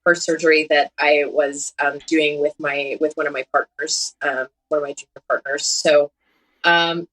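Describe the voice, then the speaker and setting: A woman's voice: low voice, level tone, moderate pace, fairly bright tone, low-quality recording. A woman in her thirties, a surgeon and podcast guest, chatting candidly and poking fun at herself, often laughing as she talks. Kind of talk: casual conversation.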